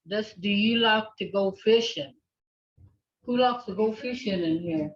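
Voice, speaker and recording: Over a video call, a female language instructor patiently repeats words so her students can echo them back during an online lesson. Her voice is mid-range and unhurried. The call audio is dull and lo-fi.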